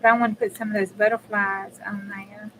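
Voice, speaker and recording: A woman's voice: mid-range voice, little pitch movement, a little fast, bright, forceful tone, slight background noise, poor audio. Woman, crafting livestream host; blunt, casual cussing, chats right to viewers. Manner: chatty and blunt, swears casually, talks to viewers. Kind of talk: casual live crafting chat.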